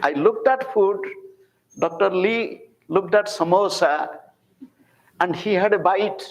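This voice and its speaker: A man in his sixties with an Indian accent, giving a public spiritual talk as a teacher, speaking deliberately with repeated phrases and rhetorical questions. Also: sits high, low-quality recording. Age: 60s.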